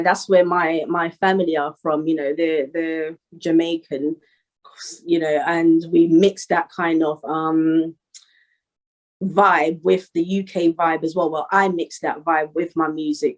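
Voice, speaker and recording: Young london woman, kinda low voice, easygoing, laughs a lot. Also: rough recording. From Northwest London, England. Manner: laid-back, laughs often, many "you know" fillers. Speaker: rapper guest. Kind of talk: casual interview.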